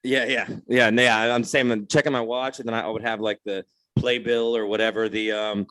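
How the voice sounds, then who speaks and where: A man co-hosting a podcast in casual chat, joking and easygoing with quick quips. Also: lowish voice, flat delivery, a bit bright, no room sound. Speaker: podcast co-host.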